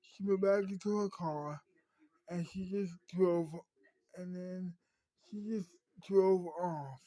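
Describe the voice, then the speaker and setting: Brief: male storyteller, slow and hesitant, mellow dry voice. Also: high voice, fairly even intonation, no room sound, low-quality recording. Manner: halting, many ums and restarts. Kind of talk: improvised spoken story.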